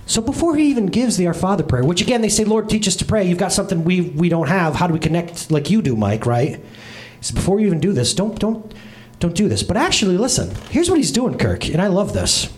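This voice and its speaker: A man's voice: sits high, big pitch swings, quick pace, few pauses. A man preaching a casual, joking sermon as a pastor, chatting with his congregation by name and with viewers online. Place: church service with congregation and livestream.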